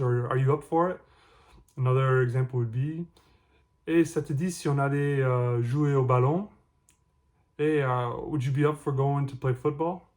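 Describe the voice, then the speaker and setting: A man explaining words and phrases in a casual language lesson, slow and patient, giving example after example. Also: mid-range voice, a little mellow. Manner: measured, explains slowly and gives examples. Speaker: language teacher vlogger.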